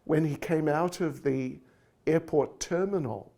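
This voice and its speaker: A man who is a devotee, recalling events in an interview in a measured, somber way. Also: a little high, creaky, warm tone. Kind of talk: personal reminiscence in an interview.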